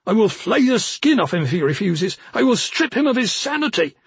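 A man's voice: sits high, very animated, a little fast, husky, no echo, pitched above the performer's own voice, heavily acted. Man playing a sneering brutal young man. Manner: sneering, blunt threats.

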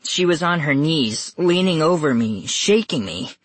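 An audiobook narrator reading a first-person spooky story slowly and suspensefully. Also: mid-range voice, expressive, slightly rough, no echo. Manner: slow, measured and suspenseful, rising tense at scary moments. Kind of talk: first-person scripted horror narration for young readers.

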